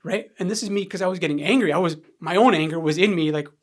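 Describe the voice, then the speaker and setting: A man's voice: high-pitched, quick pace. A man as a podcast guest, telling his own story candidly, rambling with restarts and tag questions, sometimes dropping to a near-whisper. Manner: rambling, frequent "right?" and restarts, drops to near-whisper when reliving moments. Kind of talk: candid personal storytelling in conversation.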